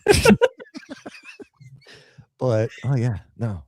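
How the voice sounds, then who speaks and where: Joking man with lively, sweeping pitch. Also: moderate pace, no room sound. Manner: mocking, switches into loud ranting caricature bits. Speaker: co-host. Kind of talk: casual live-stream banter.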